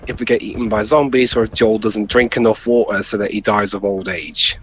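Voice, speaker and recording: A man joking around while playing a game, stammering as he pitches silly ideas. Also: fairly even intonation, a little fast, a bit bright, breathy edge. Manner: jokey, stammers. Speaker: let's play co-host. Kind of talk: casual gaming chat.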